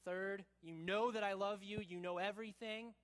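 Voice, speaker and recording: Male pastor with a high voice, expository sermon, casual asides, quiet dramatic drops. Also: fairly even intonation, normal speed. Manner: expository preaching, drops to soft low tones for quoted lines; casual asides, says y'all.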